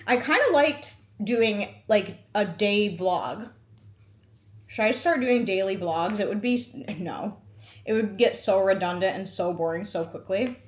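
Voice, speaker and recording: A woman's voice: medium pitch, lively intonation, unhurried, reverberant. A woman in her thirties, a vlogger chatting candidly to camera, telling personal stories with lots of fillers. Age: 30s. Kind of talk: casual sit-down vlog chat. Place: room at home, sitting before a meal.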